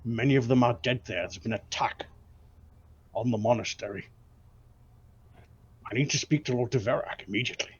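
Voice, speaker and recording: A man's voice: medium pitch, fairly quick, pauses often, natural voice. An urgent male dwarf scholar presses his case insistently, played by a man in a tabletop game. The recording is slightly muffled, with a faint hiss underneath.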